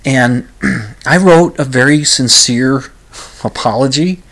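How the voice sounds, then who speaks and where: A man's voice: mid-range voice, takes it slowly, fairly bright tone. A man hosting his own talk show alone, rambling and self-deprecating, with many restarts and fillers. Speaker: podcast host. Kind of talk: casual solo monologue.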